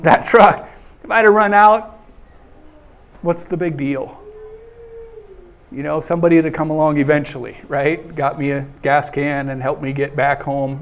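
Animated, high-voiced male preacher. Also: smooth. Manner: folksy, repeats "okay" often; animated, acts out scenes in raised voice. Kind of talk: sermon with Bible reading.

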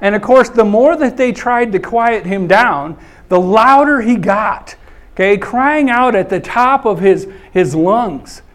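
Man, preacher, high voice, folksy sermon, says "okay" a lot. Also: a little slow. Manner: folksy, repeats "okay" often; animated, acts out scenes in raised voice. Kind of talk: sermon with Bible reading.

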